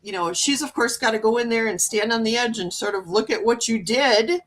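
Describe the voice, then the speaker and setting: Speaking a little high and fairly quickly, a woman hosts a relaxed livestream, reading out viewer comments. She's talkative, laughs frequently, and slips into lively cat voices.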